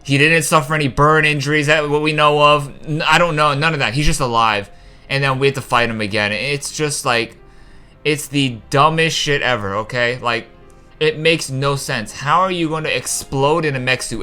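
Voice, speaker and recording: A man's voice: medium pitch, normal speed, pushed and bright, smooth, faint music behind. A young man hosting a gaming channel, ranting casually about a game's story, frustrated and profane, with rambling asides. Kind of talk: casual rant about a game.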